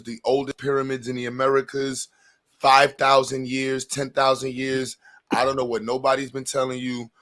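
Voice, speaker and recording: A man hosting a casual stream chat, talking in loud, profane, mocking banter. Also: medium pitch.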